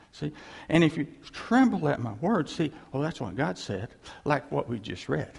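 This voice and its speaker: A male pastor preaches with a gravelly, husky voice and a pitch that rises and falls a lot. He talks casually and wryly, often acting out God's words in a relaxed way. His voice carries a long reverb from a large hall. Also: normal speed. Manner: conversational, wry, quotes God in a casual voice. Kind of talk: sermon.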